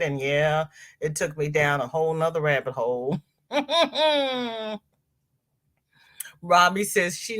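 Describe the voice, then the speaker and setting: Lowish in pitch with a fairly bright tone, a middle-aged woman chats her way through a casual home livestream. She reads viewer comments aloud, laughing and exclaiming as she does.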